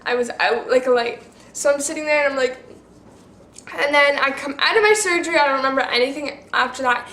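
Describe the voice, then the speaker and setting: Teen girl, high voice, casual vlog storytelling, rambling with lots of "like", echoey room. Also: brisk, bright, forceful tone. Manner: rambling, full of "like" and restarts. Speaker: vlogger.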